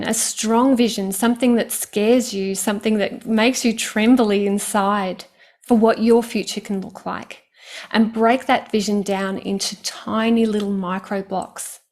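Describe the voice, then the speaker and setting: A woman's voice: fairly high pitch, darkish tone. A woman hosting an interview, asking questions and summing up lessons for listeners in an encouraging way.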